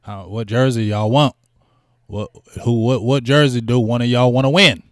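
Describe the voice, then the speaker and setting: A man's voice: mid-range voice, moderate pace, no echo, studio quality. A man hosting a sports talk livestream, chatting casually in slang and hyping up donations to his viewers. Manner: animated, slangy, hypes donations. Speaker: sports talk show host.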